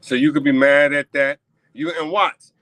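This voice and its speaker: In casual commentary on his own show, a New York man speaks directly to viewers, insistent and repetitive. His fairly high voice keeps fairly even intonation at a moderate pace with a bit of brightness, on a dry, low-quality recording.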